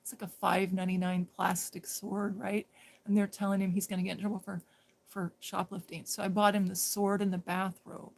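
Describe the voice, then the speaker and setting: A woman live streaming, telling a story casually in a rambling way that drops into hushed whispers. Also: medium pitch, flat delivery, fairly quick, gravelly.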